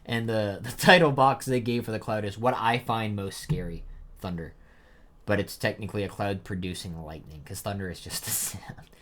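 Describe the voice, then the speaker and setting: Reading a manga chapter aloud on stream, a young man chats about it in a loose, rambling style full of fillers and casual asides. He speaks briskly in a lowish voice with a slightly bright tone.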